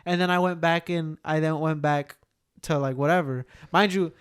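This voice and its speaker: A young man on a casual podcast, telling a story with a lively rise and fall in his voice. His tone is smooth and clear, set a little higher than most men's. He swears freely and scatters "like" and "bro" through his talk. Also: normal speed. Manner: animated, swearing, heavy use of "like" and "bro". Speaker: podcast co-host.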